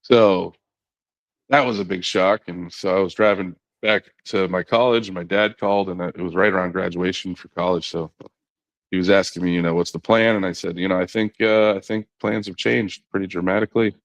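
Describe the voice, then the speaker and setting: A middle-aged man, a podcast guest, telling a long personal story in a relaxed conversational way, quoting others in his own voice with frequent "you know" and restarts. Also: deep voice, fairly quick, no room sound. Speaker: podcast guest, former knuckleball pitcher.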